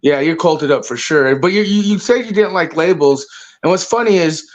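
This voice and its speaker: Man, livestream caller, mocking, confrontational, swearing, higher pitch. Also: lively intonation, moderate pace. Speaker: call-in guest. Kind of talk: casual livestream chat.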